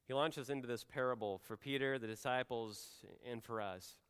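A man preaching a sermon as pastor, conversational, often slowing and dropping to a quiet voice for emphasis. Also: mid-range voice, clear, resonant tone, in a large hall. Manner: conversational, drops soft and slow for emphasis.

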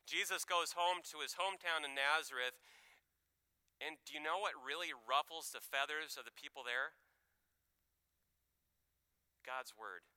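A man preaching a sermon in an animated, conversational way, acting out voices as he tells the story. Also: a little high, measured pace, pauses often, smooth, no room sound. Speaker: pastor.

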